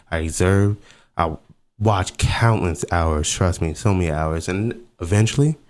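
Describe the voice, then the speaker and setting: Low-voiced man telling a candid story. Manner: candid, profane, self-mocking; relaxed and conversational. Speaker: podcast host. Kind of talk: casual storytelling monologue.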